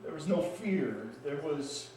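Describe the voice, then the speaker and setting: An actor playing a freed male prisoner, shaken and awestruck, in an intense dramatic stage monologue with halting pauses, recorded in an echoey hall from a distance. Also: fairly high pitch, expressive, darkish tone, a little hiss or hum. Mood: haunted. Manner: intense, halting, heavy pauses between phrases.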